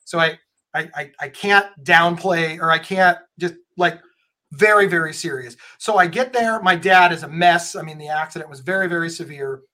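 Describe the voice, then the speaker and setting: A man's voice: on the high side, moderate pace, bright, forceful tone. A man giving earnest, emphatic advice in a conversational style, often restarting his words. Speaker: guest speaker on mental health.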